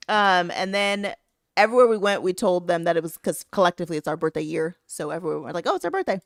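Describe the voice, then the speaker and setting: A woman co-hosting a podcast, telling stories in a casual, animated way and laughing often. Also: on the low side, fast talker, no echo, clean studio sound. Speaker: podcast co-host. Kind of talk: casual chat.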